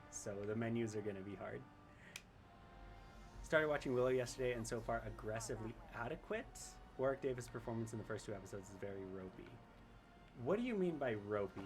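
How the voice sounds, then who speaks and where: A man casually commenting on his gameplay and reading chat aloud, chatty and rambling and often laughing. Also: mid-range voice. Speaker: streamer.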